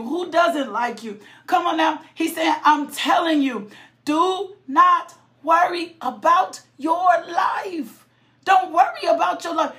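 A woman preacher delivering an impassioned sermon, often shouting, breaking into sudden high cries of "ooh" and repeating her phrases.

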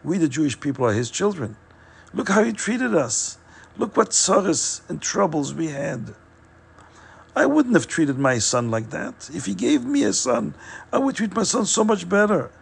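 A man's voice: high-pitched, sing-song, moderate pace, gravelly, slightly rough, pitched above the performer's own voice, heavily acted. A man voicing a simple, sincere farm wife who pleads insistently through tears. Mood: pleading.

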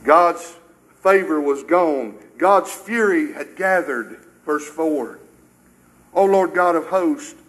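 Older man preaching, high and bright. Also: lively intonation, slow, rough recording. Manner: emphatic preaching, rhetorical questions, surging and dropping. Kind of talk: sermon.

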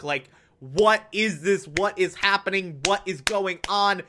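A man giving a casual, animated TV episode recap, full of fillers and swearing, acting out characters' lines as he goes. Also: high-pitched, slow. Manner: animated, swears, many fillers, acts out quotes. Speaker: TV show reviewer.

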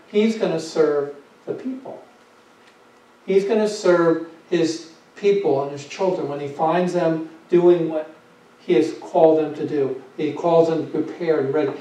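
Preaching a sermon, this man leans on emphasis, rhetorical questions, and repeated phrases in a mellow, slightly high voice. The recording is dull and echoey, picked up from a distant mic.

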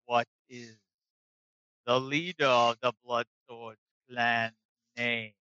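Male game master, slow descriptive delivery, bright clear voice, dry muffled recording. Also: mid-range voice, flat delivery, no echo. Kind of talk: narrating a tabletop game.

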